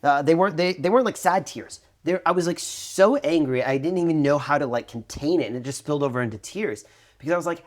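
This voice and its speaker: A man in his thirties co-hosting a faith podcast, telling a personal story in a lively way and acting out what others said. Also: a little high, quick pace. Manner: animated storytelling, acting out quoted voices. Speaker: podcast co-host. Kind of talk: conversational testimony.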